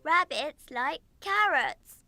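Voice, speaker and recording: A friendly little girl rabbit from a children's cartoon. She is giggly and playful, with a very high voice that swoops up and down. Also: lively intonation, slow, very noisy, full character voice. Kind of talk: cartoon voice acting.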